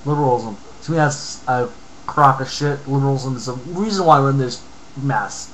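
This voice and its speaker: A man's voice: medium pitch, moderate pace, slight background noise, rough recording. A man reading a news article aloud and breaking off into angry, profane rants about it. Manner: profane, ranting, interrupts his own reading. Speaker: commentator reading and reacting to an article. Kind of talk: angry ranting commentary.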